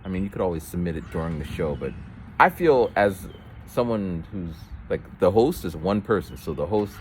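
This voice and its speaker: Low-voiced man rambling on a walk. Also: expressive, normal speed, slight background noise. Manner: rambling, with false starts and voiced quotes of others. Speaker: vlogger. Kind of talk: casual storytelling while walking. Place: outdoors on a street.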